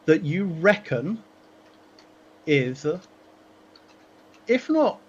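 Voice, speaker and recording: A man narrating a tabletop game as game master, pausing often with fillers and restarts. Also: high voice, breathy edge, highs cut off. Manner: halting, many fillers and restarts.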